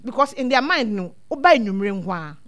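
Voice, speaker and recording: A woman's voice: a little high, very animated, quick pace, fairly bright tone. A woman, speaking as a guest who gives earnest advice to parents in a casual talk. She often repeats words while she thinks. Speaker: guest speaker on child welfare. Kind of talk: casual advice talk mixing two languages.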